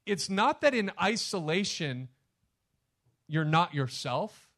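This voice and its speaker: A male pastor preaching a sermon, talking to the congregation directly and emphatically, swinging between loud punches and hushed asides. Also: high voice, big pitch swings, slow pace.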